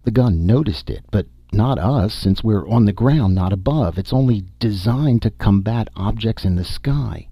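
A man's voice: fairly low pitch, animated, moderate pace, hardly any pauses, warm tone, breathy edge, no echo, clean studio sound, voice pushed up. A man voicing a woman space explorer, speaking in clipped, irritable lines in an audiobook. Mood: grave. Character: female space explorer, sharp and bitter.

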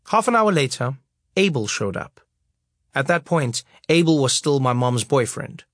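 A man's voice: medium pitch, sing-song, measured pace, a bit bright, dry recording. A man reading his memoir aloud, wry and storytelling, on a close studio mic. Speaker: narrator.

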